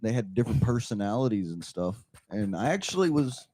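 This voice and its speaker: Deadpan, blunt man in casual chat. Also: lowish voice, fairly quick, dry recording. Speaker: podcast co-host.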